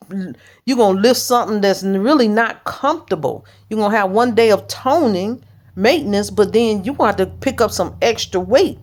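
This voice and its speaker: A woman church leader preaching informally in a blunt, direct, plain-spoken way. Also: mid-range voice.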